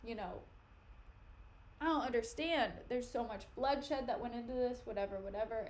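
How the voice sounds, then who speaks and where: A woman's voice: on the high side, slight background noise. A young woman streamer reading a play aloud and breaking off to explain it in chatty asides. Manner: chatty, says "like" and "okay" often. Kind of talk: casual read-aloud with commentary.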